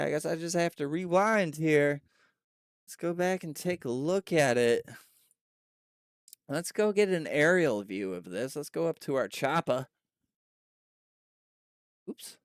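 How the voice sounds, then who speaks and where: A man doing excitable play-by-play race commentary with hiccups, reading viewer chat aloud. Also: a little high.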